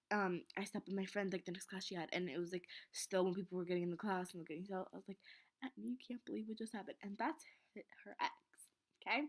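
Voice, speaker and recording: A woman's voice: mid-range voice, a bit bright. A teenage girl telling an embarrassing story in a rambling, flustered way, often dropping to a whisper. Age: teens. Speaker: vlogger. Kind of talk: casual storytelling vlog.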